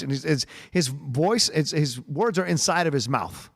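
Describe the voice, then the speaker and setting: A man co-hosting a casual podcast, talking in an animated, jokey, effusive way. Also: on the high side, moderate pace, creaky, husky. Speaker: podcast co-host. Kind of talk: casual chat.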